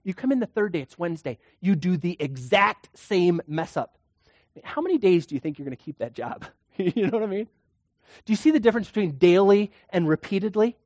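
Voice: medium pitch, lively intonation, fairly quick, darkish tone, dry recording, clean studio sound. A preacher giving a sermon in a conversational way, full of rhetorical questions and acted-out quotes.

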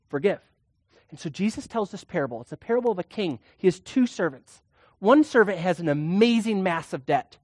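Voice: medium pitch, darkish tone, no room sound, studio quality. A preacher giving a sermon in a conversational way, full of rhetorical questions and acted-out quotes.

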